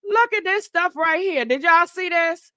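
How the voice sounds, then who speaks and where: A woman hosting a casual gossip livestream, sassy and animated, chatting to viewers and laughing often. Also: very high-pitched, measured pace, no echo, clean studio sound. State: short of breath.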